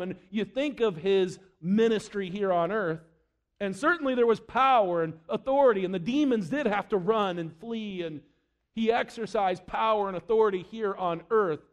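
Guy preaching a sermon, high voice, goes dramatic and hushed on quotes then pushes up loud. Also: expressive, moderate pace. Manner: dramatic, drops low and quiet to quote scripture, rises for emphasis.

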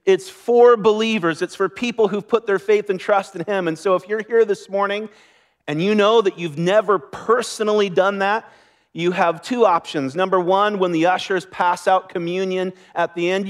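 A man preaching a sermon as pastor, earnest and conversational, with light laughter. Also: high-pitched.

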